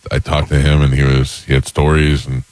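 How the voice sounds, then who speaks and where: Male radio host, very deep voice, relaxed, dry studio mic. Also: fairly quick, no room sound. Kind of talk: casual morning radio banter.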